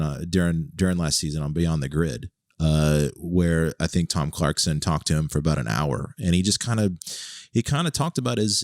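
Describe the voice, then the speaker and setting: Deep-voiced musing male podcast host. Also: dry recording, clean studio sound. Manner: musing, hesitant, lots of restarts. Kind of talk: casual chat.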